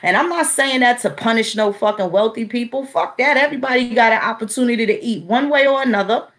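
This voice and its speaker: A woman's voice: fairly high pitch, quick pace, fairly bright tone. A woman, telling stories in a blunt, profane casual monologue. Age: 40s. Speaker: vlogger.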